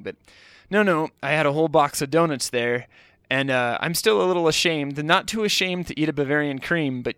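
A man's voice: mid-range voice, a bit bright, no echo. A middle-aged man telling funny stories from his own life, rambling and poking fun at himself with lots of "like.". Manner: rambling and self-deprecating, heavy use of "like". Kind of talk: comedic personal storytelling.

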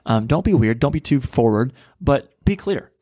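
A man's voice: medium pitch, lively intonation, normal speed, dark tone, dry recording. Earnest male pastor, dry close sound. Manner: earnest, conversational, frequent fillers. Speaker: pastor and podcast co-host. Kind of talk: casual podcast discussion.

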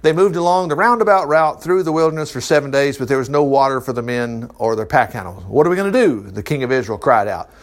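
A man preacher reading a Bible passage aloud in a folksy way, breaking in often with his own asides. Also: fairly high pitch. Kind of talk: Bible reading with running commentary.

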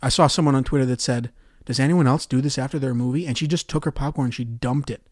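A young man hosting a solo podcast, swearing and ranting sarcastically about his movie theater job, going from loud outbursts to quiet mutters. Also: mid-range voice, fast, no echo, clean studio sound. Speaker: podcast host.

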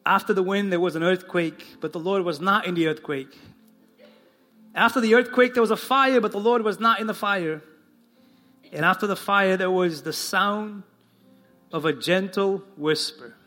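A man preaching a sermon as pastor to his congregation, slowing down and dropping his voice low for the quoted lines. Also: sharp tone, soft background music. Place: church in front of a congregation.

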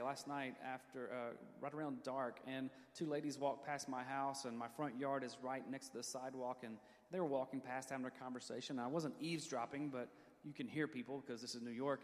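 Pastor guy preaching, mid-pitched voice, tells stories, reads verses slowly, big hall echo. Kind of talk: sermon. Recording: long reverb of a church hall.

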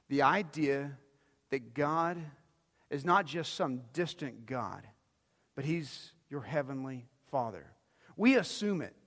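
A middle-aged pastor delivering a sermon, swinging between quiet, intimate phrases and loud, emphatic ones, often repeating words as he builds a point. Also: mid-range voice. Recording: long reverb of a large hall.

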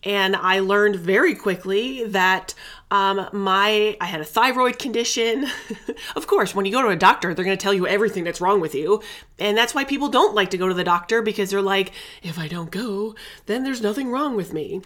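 A woman's voice: medium pitch, a little fast, fairly bright tone. A middle-aged woman hosting a casual wellness podcast, talking candidly and chattily and dropping in endearments and the odd swear word. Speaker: podcast host.

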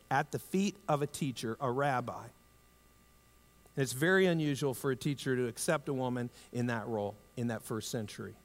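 In a room with long, hall-like reverb, a male pastor delivers his sermon as if talking with the congregation. He pushes his voice up to stress points, then lets it fall quiet and gentle for tender moments.

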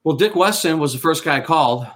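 A middle-aged ventriloquist and magician, guesting on a casual interview, spins rambling stories and voices the quotes within them. He is a fast, animated talker whose voice is a little high and a bit bright.

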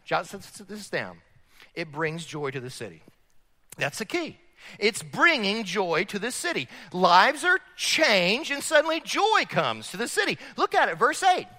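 A man pastor preaching an animated sermon, rising loud and dropping low. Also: in a large hall. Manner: animated preaching, rises and drops in volume. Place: church sanctuary.

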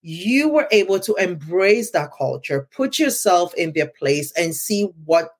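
A woman's voice: on the low side, big pitch swings, a little slow. A woman co-hosting a podcast in casual conversation, affirming and praising her partner, with many fillers. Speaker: podcast co-host.

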